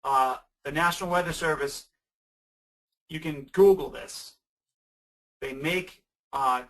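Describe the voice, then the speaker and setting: A man's voice: medium pitch, a little slow, pauses often, a bit bright, distant mic, low-quality recording. A man presenting a webinar on weather safety for camps, answering audience questions in a conversational, emphatic way with frequent restarts.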